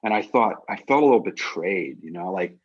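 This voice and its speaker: A lower-voiced man with a husky edge hosts a podcast, chatting casually and drifting into animated stories. The audio sounds slightly dull and lo-fi. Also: brisk. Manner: animated storyteller, digressive. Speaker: podcast host. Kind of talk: casual chat.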